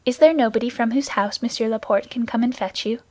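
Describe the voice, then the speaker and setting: A woman's voice: a little high, a little fast, mellow, no room sound, natural voice. A woman voicing an earnest, gallant young male guardsman in an audiobook, reassuring and commanding.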